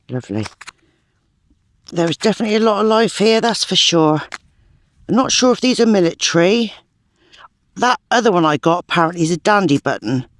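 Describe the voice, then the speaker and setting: A keen, talkative man narrates his finds in a hillside farm field, muttering to himself between digs. His voice sits a little high, and it sounds dry and close. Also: no room sound. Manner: chatty, enthusiastic, talks to himself while digging. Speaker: metal detecting channel host. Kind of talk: casual outdoor vlog chat. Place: sloping farm field outdoors.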